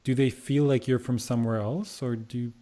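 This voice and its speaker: A man's voice: medium pitch, steady tone, normal speed, background noise. A man hosting a casual interview, asking curious follow-up questions. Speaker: interview host.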